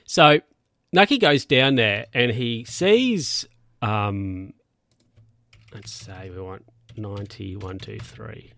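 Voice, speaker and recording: A man's voice: medium pitch, a bit bright, dry recording, studio quality. Rambling sweary man. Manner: rambling, sweary, chuckles often. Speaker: show recapper. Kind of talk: casual spoken TV recap.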